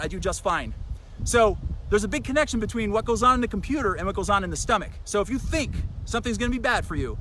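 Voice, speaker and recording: A man with a fairly high voice talks fast and emphatically, rambling from point to point like a fitness vlogger preaching to his viewers. He is outdoors, with faint traffic and street sounds behind him. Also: bright, forceful tone, rough recording. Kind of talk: casual talking-to-camera vlog.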